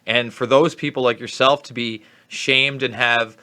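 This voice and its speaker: Man, interviewer, bright clear tone, supportive, conversational. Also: medium pitch, steady tone, measured pace.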